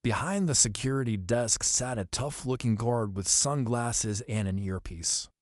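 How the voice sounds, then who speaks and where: A man narrating an audiobook in the first person, in a steady, descriptive storytelling manner. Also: mid-range voice, measured pace, no echo, studio quality.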